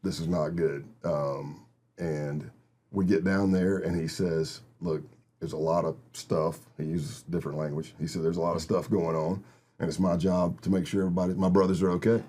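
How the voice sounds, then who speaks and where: A middle-aged man tells vivid stories as an interview guest, acting out the people in them. His voice is low and husky. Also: flat delivery, moderate pace, mellow. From Texas. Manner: vivid storyteller who acts out other people's lines. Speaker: guest, retired FBI agent. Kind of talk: casual storytelling interview.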